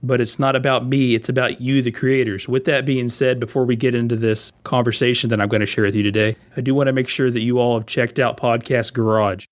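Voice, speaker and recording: A man hosting his own podcast, talking in a casual, chatty and enthusiastic way. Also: medium pitch. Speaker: podcast host.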